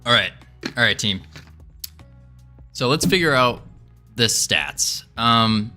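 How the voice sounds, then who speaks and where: Man, indie dev live-stream, thinking aloud while coding, rambling jokes, unhurried delivery, faint background music. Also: mid-range voice, lively intonation, pushed and bright. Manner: thinks aloud, self-narrating, joking and rambling. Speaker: indie game developer streaming.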